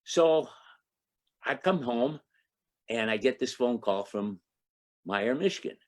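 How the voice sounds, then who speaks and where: An older man from Toledo, Ohio, in his eighties, holds a club audience with a rambling personal anecdote. His voice sits at an ordinary male pitch, and he chuckles often and jumps up in pitch when playing the other people in his tale. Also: slow. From Toledo, Ohio, United States. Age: 80s. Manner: lively raconteur, acts out quoted dialogue with raised pitch; chuckles between lines, frequent restarts. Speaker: guest speaker.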